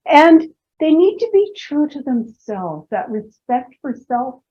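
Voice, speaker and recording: A woman with a bright, high voice leads a seminar, weaving playful personal anecdotes into her teaching and tossing asides to the audience. The recording sounds dull and lo-fi. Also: sing-song, slow pace. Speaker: presenter and personality trainer. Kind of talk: humorous storytelling seminar talk.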